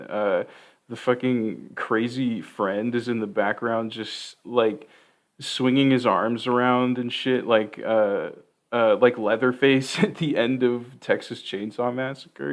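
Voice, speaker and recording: A man hosting a podcast, recapping a movie in a rambling, profane, casual way with lots of fillers. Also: on the low side. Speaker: podcast host.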